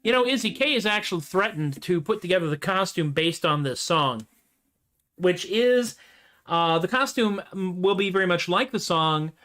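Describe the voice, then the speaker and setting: A man's voice: high-pitched, lively intonation, moderate pace, a bit bright. A man hosting a home livestream of comedy songs, chatting in a playful, self-deprecating, rambling way. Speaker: host and singer-songwriter. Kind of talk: casual livestream chat between comedy songs. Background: acoustic guitar strumming.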